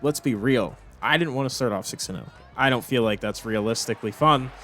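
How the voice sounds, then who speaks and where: A man's voice: medium pitch, fairly quick, a bit bright. Exasperated young man commentating a game. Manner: exasperated, swearing, rambling complaints. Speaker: gaming commentator. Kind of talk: frustrated gameplay commentary.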